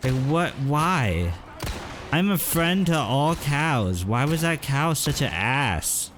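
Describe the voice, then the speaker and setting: A man streaming a horror game, chatting casually and hesitantly with many fillers, now and then yelling at the game. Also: big pitch swings, takes it slowly, slight background noise. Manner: rambling, hesitant, lots of fillers; yelps at the game in a higher voice. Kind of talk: casual gameplay commentary.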